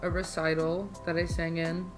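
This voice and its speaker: A woman's voice: lowish voice, level tone, moderate pace. Brief: young woman, podcast co-host, giggly and loose, faint music bed. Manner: giggly, laughs often. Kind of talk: casual chat.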